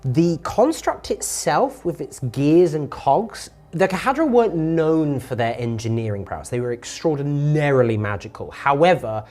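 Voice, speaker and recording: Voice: mid-range voice, sing-song, moderate pace, hardly any pauses, darkish tone. A game master narrating a tabletop game in an explanatory way, with frequent fillers.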